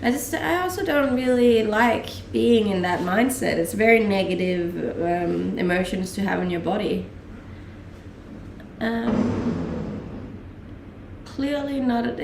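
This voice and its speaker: In a mid-range, creaky voice at a measured pace, a young woman from Denmark chats on a live stream, answering viewers' questions easily. Frequent laughter and many fillers run through her talk. The recording has slight background noise, an echoey room, and a slightly distant mic.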